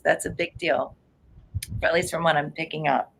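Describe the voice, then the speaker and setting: A woman's voice: low-pitched, steady tone, moderate pace, vocal fry, breathy edge, rough recording. A woman doing a live psychic reading, chatty and emotional, laughing often. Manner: chatty, effusive, frequent laughter; earnest and emotional.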